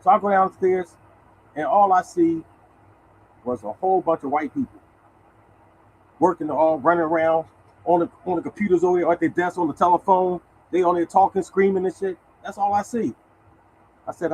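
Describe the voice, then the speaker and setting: A man in his sixties telling a personal story to viewers in a casual, colloquial way, animated and chatty. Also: high-pitched, fairly quick, a little hiss or hum, poor audio. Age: 60s. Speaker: show host telling a story.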